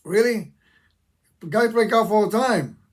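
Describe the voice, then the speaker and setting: A man's voice: high-pitched, expressive, unhurried. An older man, a veteran, ranting passionately to his channel's viewers, talking emphatically and repeating himself. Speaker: veteran YouTuber. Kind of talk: opinion rant to camera.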